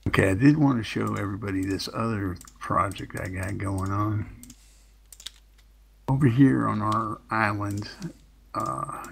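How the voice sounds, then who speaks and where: Gravelly male host, slow joking delivery, faint keyboard noise behind. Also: lowish voice. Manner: relaxed, drawn-out, joking. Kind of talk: casual gaming chat.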